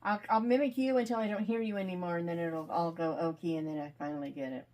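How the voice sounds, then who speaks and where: A woman author being interviewed, chatting casually and animatedly, quick to laugh. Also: lowish voice, steady tone, a little mellow. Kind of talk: casual video call chat.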